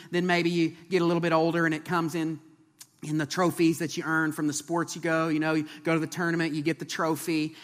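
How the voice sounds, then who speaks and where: Bright-voiced Oklahoman pastor in a reverberant church. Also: on the high side. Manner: joking, conversational preaching with audience asides. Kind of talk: sermon. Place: church sanctuary. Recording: long hall reverb.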